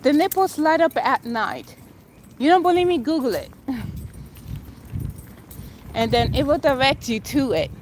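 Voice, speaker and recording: A middle-aged woman with a fairly high voice chats through a livestream from a city street, recorded on her phone. She talks at a slow, unhurried pace, greeting viewers by name and drifting from one opinion to the next. A faint hiss of noise sits under her voice. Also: sing-song. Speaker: livestream host. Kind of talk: rambling livestream chat while walking.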